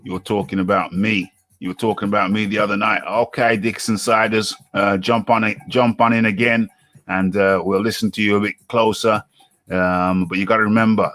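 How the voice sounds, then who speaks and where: A man's voice: lowish voice, little pitch movement, fairly bright tone, no echo. Chatty man hosting a live show. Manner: chatty, teasing, quick asides. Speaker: host. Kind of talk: live boxing talk show.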